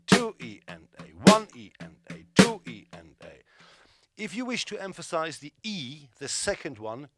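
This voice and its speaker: An emphatic male drum teacher who counts beats and calls right and left hands aloud, with blunt asides. His voice sits a little high and swings widely in pitch. The sound is dry and close, with no room echo. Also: a bit bright. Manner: opinionated, dismissive asides. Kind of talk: instructional drum lesson.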